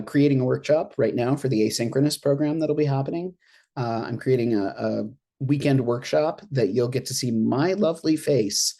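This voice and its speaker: An interfaith minister talking casually on a panel from their apartment over a video call, chatty and expressive, laughing often. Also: medium pitch. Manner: chatty and expressive, laughs often, acts out reactions in quoted asides. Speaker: interfaith minister and board treasurer on an alumni panel. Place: at home in an apartment.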